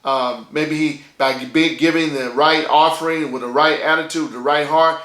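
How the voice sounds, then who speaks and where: A man's voice: a little high, steady tone, normal speed, fairly bright tone, roomy sound. A man delivering a sermon as pastor, in a conversational style, checking in with his listeners by asking "okay?" again and again.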